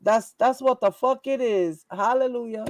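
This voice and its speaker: A woman's voice: fairly high pitch, moderate pace, a little mellow. A woman, hosting and ranting in a fiery, profane way and firing off rhetorical questions. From New York. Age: 40s. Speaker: host. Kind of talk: heated casual live-stream rant.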